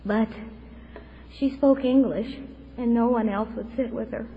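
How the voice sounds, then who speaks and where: A woman's voice: a little high, fairly even intonation, measured pace. A woman in her fifties telling her recovery story in an earnest, reflective way, tearful at times. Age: 50s. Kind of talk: personal testimony at a recovery meeting. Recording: dull lo-fi recording with faint noise.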